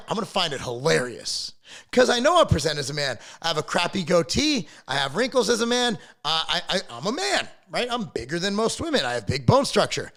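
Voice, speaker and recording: A middle-aged man rants straight to camera on his own channel, and his voice sits notably high for a man. He talks bluntly and swears freely. He rambles and trips over repeated words as his thoughts pile up. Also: big pitch swings, brisk, gravelly, bright, forceful tone. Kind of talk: casual opinion rant to camera.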